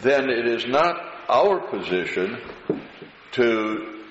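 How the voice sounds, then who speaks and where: Slow, deliberate male preacher in a hall. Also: mid-range voice, very animated. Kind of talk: sermon. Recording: roomy, dull hall recording with faint hiss.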